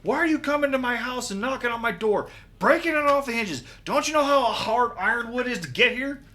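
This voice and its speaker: A man's voice: extremely high pitch, animated, fairly quick, bright, forceful tone, pitched above the performer's own voice, full character voice. A man voicing a massive, fiery, evil-looking male knight who grumbles and resents intruders in a tabletop game. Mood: indignant.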